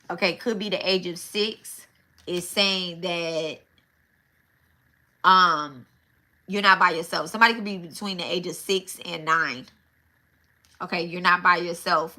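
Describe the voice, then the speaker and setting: A woman's voice: fairly low pitch, sharp tone. A middle-aged woman giving a live psychic reading, talking loosely and often adding "right?" as she tells a story. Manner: conversational, tag questions, storytelling. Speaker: psychic medium.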